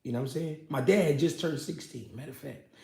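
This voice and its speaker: A young man, a former pro boxer, telling his story in a casual, animated, profane way. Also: fairly high pitch, fast talker, gravelly. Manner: animated, profane street talk with many "you know what I mean". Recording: echoey room.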